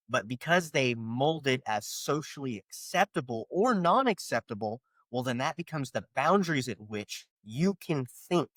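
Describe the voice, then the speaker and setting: A man's voice: mid-range voice, fairly bright tone, no echo. A man hosting a solo podcast, ranting with rhetorical questions and sarcastic asides. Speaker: podcast host.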